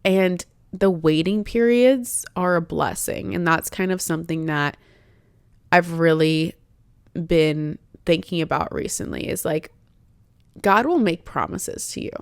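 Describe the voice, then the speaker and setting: A woman in her late twenties talks candidly on her own podcast, her voice sitting a little low and dry. She rambles warmly through a personal story with frequent "like" fillers, sincere and heartfelt. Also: unhurried, gravelly, clear, resonant tone, no room sound. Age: 20s. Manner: chatty, full of "like" fillers, heartfelt. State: tearful, emotional at times. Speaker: podcast host.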